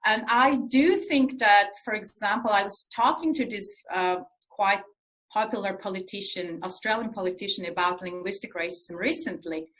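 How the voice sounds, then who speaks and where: A woman researcher answering interview questions in an earnest, explanatory way, pausing often with fillers as she thinks. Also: medium pitch, a bit bright, rough recording. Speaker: researcher guest.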